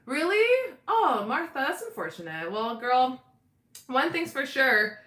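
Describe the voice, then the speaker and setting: A woman's voice: high-pitched, a little slow, roomy sound. Bubbly young woman chatting with viewers. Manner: chatty, animated, talks to viewers in chat. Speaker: livestream host. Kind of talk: casual livestream chat.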